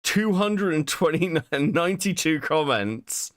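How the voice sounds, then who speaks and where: Guy cohosting a podcast, swears a ton, pitch jumps all over, dry close mic. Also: a little slow, no echo. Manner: animated, incredulous, swears a lot. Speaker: podcast co-host. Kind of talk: casual chat, reacting to a video.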